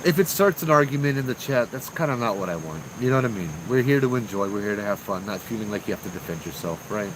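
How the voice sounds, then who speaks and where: Easygoing guy telling ghost stories outside, crickets buzzing loud behind him. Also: fairly low pitch, quick pace, hardly any pauses, background noise. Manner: chatty, relaxed, talks to chat. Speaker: storyteller host. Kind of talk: casual live storytelling. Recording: outdoor ambience with crickets and insects.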